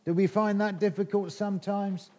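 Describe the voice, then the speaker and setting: A man's voice: high voice, little pitch movement, moderate pace, warm tone. A middle-aged English man preaching an all-age sermon, quizzing children in a playful, teasing way.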